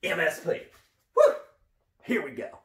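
A man's voice: a little high, huge pitch swings, measured pace, recorded from a distance, pitched above the performer's own voice. A man doing a pumped-up wannabe parkour coach. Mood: hyped. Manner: pumped-up pep-talk delivery, repeating catchphrases, frequent "all right?". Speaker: comedic character monologue. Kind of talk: comedy sketch monologue. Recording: echoey room, voice from off the mic.

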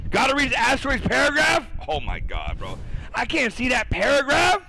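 High, gravelly, excitable male streamer. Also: normal speed, background noise. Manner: excitable, swears a lot, yells at chat. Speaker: streamer commentating duels. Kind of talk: live stream game commentary.

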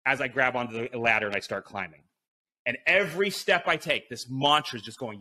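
A man guest on a podcast, telling an animated story full of swearing and fillers, acting out his own inner voice. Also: medium pitch, brisk. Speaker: podcast guest, BASE jumper.

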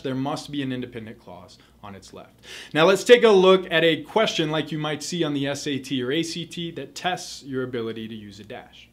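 A man tutoring for a test, explaining grammar rules in a clear, methodical lesson and repeating the key points. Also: fairly high pitch.

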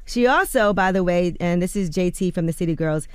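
Woman radio co-host, gossip-news reader, smooth crisp voice, dry close studio sound. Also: lowish voice, fairly quick, no room sound. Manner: chatty, reads quotes aloud with loose fillers. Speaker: radio co-host reading the rumor report. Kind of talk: radio morning show news read. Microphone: studio microphone.

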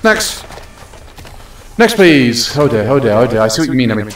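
A man's voice: medium pitch, very animated, moderate pace, distant mic, slight background noise. A young man streaming a game, chatting casually and playfully bossing around the customers. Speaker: gaming streamer. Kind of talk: casual live-stream commentary. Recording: roomy echo, off from the mic.

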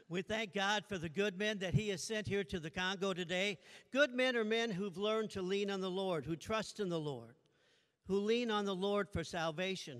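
A man preaching a sermon as pastor, joking playfully with the congregation. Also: sits high. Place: church sanctuary. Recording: long church reverb.

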